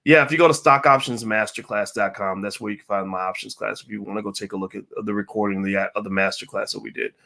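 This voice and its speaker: A man's voice: fairly low pitch, steady tone, quick pace, creaky, hardly any pauses, pushed and bright. A middle-aged man hosting a casual livestream Q&A, reading viewer comments aloud in an upbeat way with frequent fillers. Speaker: host answering viewer questions.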